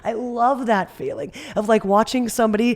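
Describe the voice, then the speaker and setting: A young woman from Northern California chats as a podcast guest in a slightly high voice. She tells stories animatedly and leaps up in pitch whenever she acts out what someone said. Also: brisk. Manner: animated storyteller, acts out quotes with big jumps up in pitch. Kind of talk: casual interview chat.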